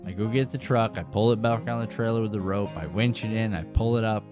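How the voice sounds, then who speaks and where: A man hosting a fishing show, telling a rambling, animated story straight to his viewers. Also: lowish voice, a little fast, music in the background.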